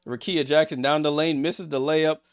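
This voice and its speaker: A man streaming a basketball watchalong, calling plays in casual, excitable, joking commentary. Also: on the high side, moderate pace, clear, resonant tone, no echo, studio quality. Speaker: streamer hosting a game watchalong. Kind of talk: casual live play-by-play commentary.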